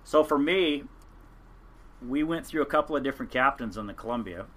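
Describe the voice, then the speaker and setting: A man's voice: mid-range voice, expressive, a little fast, a bit bright. An older man, a former fishing captain, telling stories from his working years in a casual podcast interview, rambling and earnest with frequent restarts.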